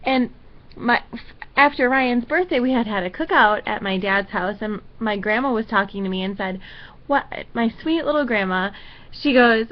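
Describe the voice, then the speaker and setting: A young woman with a slightly high voice chats to her camera and rambles through a personal story, filling her pauses with "um" and "like". The sound is a little dull and lo-fi, like an ordinary home video. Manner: rambling, chatty storytelling with many fillers. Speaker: vlogger. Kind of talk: casual chat to camera.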